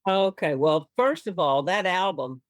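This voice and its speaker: This Austin, Texas woman speaks with a Texan accent in a low, unhurried voice with no echo. She's a musician guesting on a casual interview, an animated storyteller who acts out quotes and laughs often.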